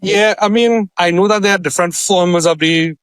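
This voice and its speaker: On a relaxed podcast, a male co-host with a high, smooth voice spins a story at normal speed, animatedly performing different voices and laughing a lot. The recording is dry.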